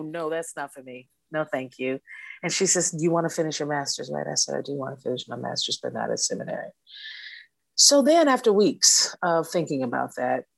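Speaking low with a creaky quality, a sixty-something woman recounts her story in conversation as an interview guest. She's animated and performs the voices of those she quotes. The audio has no echo.

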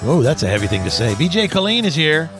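A man hosting a talk show, telling stories in a casual, animated way, laughing often and acting out voices. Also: on the high side, fast talker, music in the background. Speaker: radio show host. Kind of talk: casual chat.

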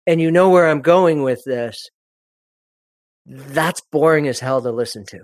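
A man's voice: a little high, a little slow, no echo, clean studio sound. A man coaching on presenting in a podcast interview, telling stories expressively and often restarting his sentences. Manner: expressive, animated storyteller with frequent restarts.

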